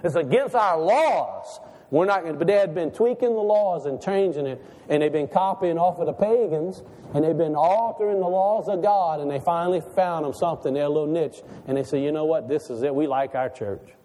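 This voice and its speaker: A man's voice: a little high, animated, normal speed, mellow. A man preaching a sermon as pastor, in a folksy, conversational way full of rhetorical questions, recorded in a church. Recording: long reverb of a large hall.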